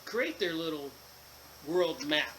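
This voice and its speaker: A channel host reads aloud from a book and keeps drifting into long, rambling asides full of fillers and restarts. His voice is slightly high, expressive, slow and fairly bright. The recording is low quality, with slight background noise.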